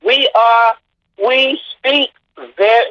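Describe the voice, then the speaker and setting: A man hosting a podcast, arguing loudly and insistently with plenty of swearing. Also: very high-pitched, steady tone, takes it slowly. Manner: loud, profane, insistent. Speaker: podcast host. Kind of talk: heated casual debate. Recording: dull lo-fi audio.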